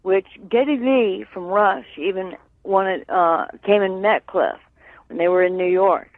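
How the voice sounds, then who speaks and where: A woman guest being interviewed, speaking earnestly and haltingly with many fillers and tag questions like "right?". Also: mid-range voice, no room sound. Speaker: guest, sister of a late musician. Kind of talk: candid interview over the phone. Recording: dry tinny phone line.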